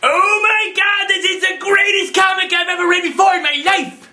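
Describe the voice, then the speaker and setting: A man voicing a giddy, scatterbrained homeless man who rambles and shouts through a comic review. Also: extremely high pitch, steady tone, moderate pace, echoey room, music in the background. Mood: manic. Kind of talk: comedy character review.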